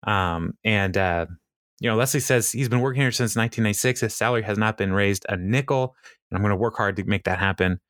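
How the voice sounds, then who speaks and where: A podcast co-host chats casually while retelling a TV episode, laughing often and using lots of fillers. His voice is lowish and a bit bright, and he talks fast on a dry, studio-quality recording.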